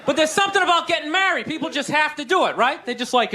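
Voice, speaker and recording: A man's voice: lively intonation, quick pace, hardly any pauses. A man doing a stand-up comedy routine, ranting in an exasperated way and breaking into mocking voices. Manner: ranting, exasperated, jumps into high mocking voices for quoted people. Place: comedy stage before a laughing audience. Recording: live stage mic with crowd laughter and noise.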